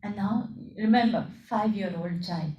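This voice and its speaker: A woman at a temple telling a devotional story in an animated way, acting out what the characters say. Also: mid-range voice, measured pace, highs cut off. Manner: animated, acts out the characters' lines. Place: temple hall. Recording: echoey hall.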